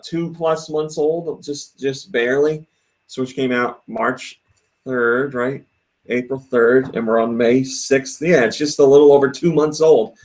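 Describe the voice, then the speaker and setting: A podcast host with a medium-pitched, darkish voice chats casually, laughing often. He reads viewer comments out loud.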